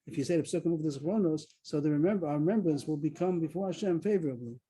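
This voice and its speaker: A man's voice: on the high side, very fast, warm tone, a little hiss or hum, low-quality recording. A man teaching a Talmud class over a video call, explaining a text step by step and stressing key words. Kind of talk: online Talmud lesson. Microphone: video call mic.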